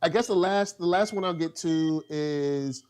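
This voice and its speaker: A man co-hosting a casual fan review show, easygoing and quick to laugh as he reads viewer comments. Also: fairly high pitch, darkish tone, clear, resonant tone. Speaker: co-host reading viewer comments.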